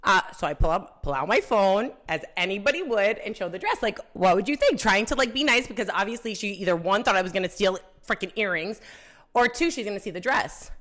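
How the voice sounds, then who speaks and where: A woman's voice: mid-range voice, a little fast. A young adult woman co-hosting a podcast, telling a story in casual chat and acting out the quotes with a lot of drama. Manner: animated, dramatic retelling with acted quotes. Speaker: podcast co-host.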